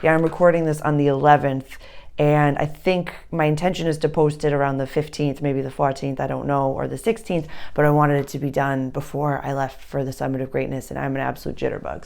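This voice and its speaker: Gravelly low-voiced Boston woman. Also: fairly even intonation, fairly quick, darkish tone. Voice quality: rambling, thinking aloud with many fillers. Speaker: astrologer. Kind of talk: casual astrology lesson at a whiteboard. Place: indoor room with a board.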